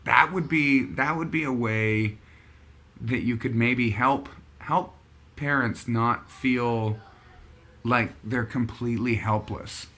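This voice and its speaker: Slow-talking bright-voiced man chatting. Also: medium pitch. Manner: rambling, thinking aloud. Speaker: podcast host. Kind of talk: casual chat.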